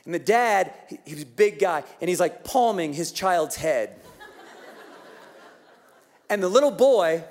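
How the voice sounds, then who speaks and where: A man preaching a Christmas sermon as pastor, telling a story with lively, animated delivery that drops to hushed tenderness. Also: high-pitched, measured pace, long pauses.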